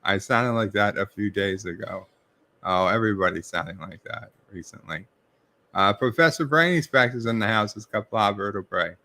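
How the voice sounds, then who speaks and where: A man's voice: fairly low pitch, normal speed, bright, forceful tone. A middle-aged man with a New York accent hosting a live stream, reading viewers' chat messages aloud and answering them casually. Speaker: livestream host reviewing a TV episode.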